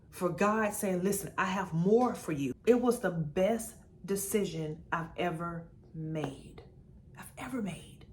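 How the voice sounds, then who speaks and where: A young woman speaking casually and emphatically in a testimony vlog, repeating herself for effect and calling the listener "baby". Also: on the low side. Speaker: faith vlogger sharing her testimony.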